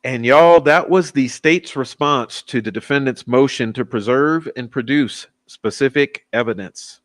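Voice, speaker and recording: A man hosting a true-crime stream, talking in a sarcastic, excitable, rambling way with many fillers. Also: mid-range voice, measured pace, no room sound, studio quality. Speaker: true-crime channel host. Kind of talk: live-stream commentary.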